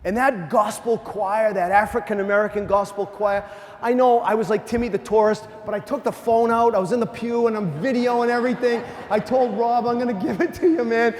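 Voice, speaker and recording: A man's voice: high voice, a little fast, long reverb tail. A man who is a parish priest, giving a conversational, humorous sermon and often checking in with the congregation. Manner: conversational, asks the congregation questions; animated storyteller with humor. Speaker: pastor. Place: church.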